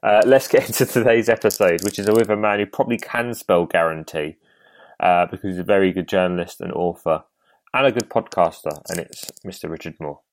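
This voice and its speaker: Young southeast English male podcast host, slightly low voice, rambling casual delivery. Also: fairly quick. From Kent, England. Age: 20s. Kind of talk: casual chat.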